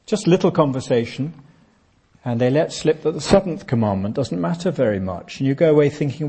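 A man's voice: medium pitch, expressive, moderate pace, warm tone, slightly rough. A man preaching a conversational sermon, explaining scripture and acting out little everyday conversations. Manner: conversational, plain-spoken, acts out little everyday dialogues. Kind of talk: expository sermon.

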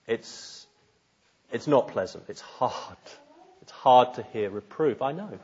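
A man's voice: medium pitch, lively intonation, slow, darkish tone, breathy edge, lo-fi sound. A man preaching a sermon in an earnest, searching way, putting pointed questions to his listeners.

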